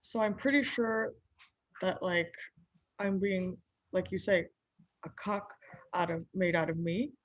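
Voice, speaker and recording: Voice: medium pitch, measured pace, pauses often, dry recording, dull audio, lightly acted. A performer playing a naive young husband who rambles in an improvised comedy bit, padding every phrase with "like". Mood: earnest. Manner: rambling, full of "like", mimics others' voices. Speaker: recurring comedy character.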